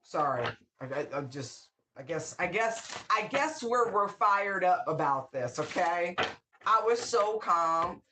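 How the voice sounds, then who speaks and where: A woman giving a casual spiritual tarot reading, emphatic and outspoken. She repeats her phrases, swears freely and breaks into excited whoops. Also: lowish voice, slow, background noise. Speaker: tarot reader.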